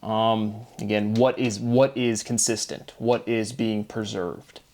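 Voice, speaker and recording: A man delivering a rambling solo monologue, self-deprecating and wordplay-driven, switching between quick asides and slow, drawn-out terms. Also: fairly low pitch, little pitch movement, a little mellow. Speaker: video creator.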